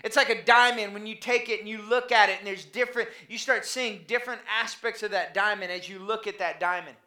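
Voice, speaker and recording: Male pastor, bright and forceful delivery, casual storytelling sermon, echoey church room. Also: sits high, fairly even intonation, a little fast. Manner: conversational, anecdotal preaching with dad jokes.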